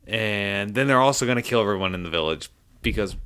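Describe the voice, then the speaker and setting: A man co-hosting a casual podcast, laid-back and self-mocking, summarizing an episode in halting bits. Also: fairly low pitch, animated, sharp tone, smooth. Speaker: podcast co-host.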